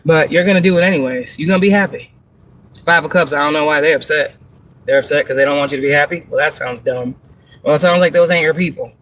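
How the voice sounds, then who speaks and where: A woman's voice: sits low, fast. A woman giving a live tarot reading, blunt and profane, talking emphatically with frequent laughs and rhetorical questions. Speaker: tarot reader on a livestream.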